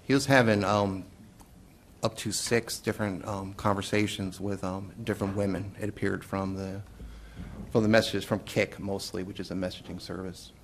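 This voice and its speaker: Gravelly low-voiced man testifying. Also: level tone, slight background noise. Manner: measured, with frequent hesitant "um"s. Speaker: police investigator testifying as a witness. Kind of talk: courtroom testimony.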